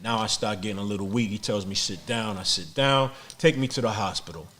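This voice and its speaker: A man's voice: fairly low pitch, a little fast, fairly bright tone. A middle-aged man telling a street story bluntly and profanely as a podcast guest, often repeating words as he speaks.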